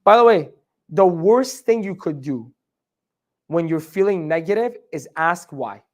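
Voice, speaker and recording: A man giving a live motivational training talk, animated, often asking the audience questions and acting out his own inner dialogue. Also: on the high side, measured pace. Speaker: motivational speaker.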